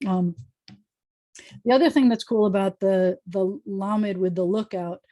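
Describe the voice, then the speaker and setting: A woman's voice: mid-range voice, measured pace, mellow, no room sound. An American woman rabbi teaching a Hebrew class over a video call, chatty, telling stories with frequent restarts. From United States. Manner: chatty, storytelling, self-correcting. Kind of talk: online class lesson.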